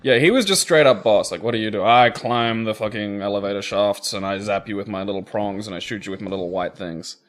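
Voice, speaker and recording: A man's voice: lowish voice, brisk, hardly any pauses, soft background music. A man co-commentating a let's play, guessing at the game aloud and cracking crude jokes.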